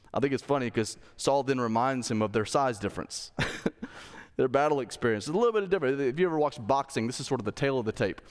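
A pastor preaches in an easygoing, conversational manner, dropping slang asides and then building to emphatic declarations. His voice sits at a middle pitch for a man. It rings out with a long reverb from the church room around him. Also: animated, brisk. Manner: rises to emphatic intensity when making a point. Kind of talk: sermon. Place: church sanctuary.

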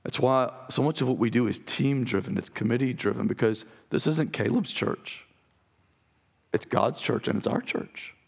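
A man preaching a sermon as pastor, with a raspy voice, earnest and direct with his congregation. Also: mid-range voice, moderate pace. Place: church sanctuary.

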